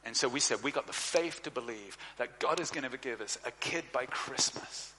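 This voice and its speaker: Bright-voiced man preaching in a hall. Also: medium pitch, moderate pace. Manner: animated storyteller, acts out dialogue. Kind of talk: sermon storytelling. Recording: long hall reverb.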